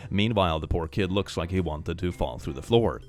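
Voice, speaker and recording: A man hosting a comedic reaction commentary, reading posts aloud and reacting in an animated, profane way with laughter and shrill outbursts. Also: a little fast. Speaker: host.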